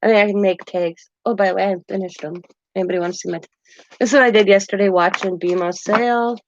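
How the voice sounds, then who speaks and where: Fast and steady in tone, with a medium pitch, she rambles through casual chat at home as the older host of a craft channel, chuckling often. A slight hiss or hum sits on the dull, dry, lo-fi audio.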